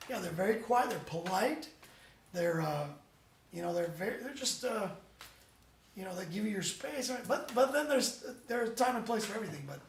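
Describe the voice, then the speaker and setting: A high-voiced man with a gravelly edge tells stories in an animated, rambling way, often restarting his sentences. His voice is picked up from across a roomy, echoing space with a faint hiss behind it. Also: moderate pace. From United States. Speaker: band member, guest. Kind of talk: casual interview chat. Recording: roomy echo, distant mic.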